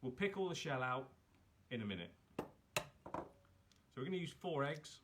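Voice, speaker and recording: A man's voice: mid-range voice, animated, unhurried, a bit bright, slight background noise. A man hosting a live cook-along, chatting casually and poking fun at himself as he talks viewers through each step. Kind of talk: casual live cooking demo.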